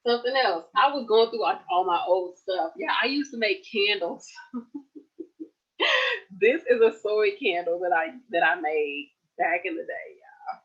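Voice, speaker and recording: Relaxed, chatty woman in her late twenties. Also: mid-range voice, moderate pace, breathy edge, dull audio. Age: late 20s. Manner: relaxed and chatty, addresses viewers as y'all. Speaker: nurse vlogger. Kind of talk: casual chat on a livestream. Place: at home.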